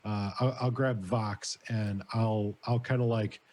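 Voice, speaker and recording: A man's voice: fairly low pitch, steady tone, unhurried, darkish tone. A man playing a character in a tabletop role-playing game, stammering and repeating words as he describes his actions. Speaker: player.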